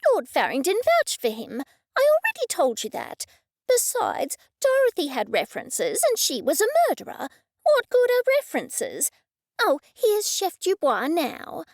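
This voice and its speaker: Woman doing a shrill snappy eccentric lady. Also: big pitch swings, normal speed, no echo, studio quality. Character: eccentric heavily made-up older woman, snappy.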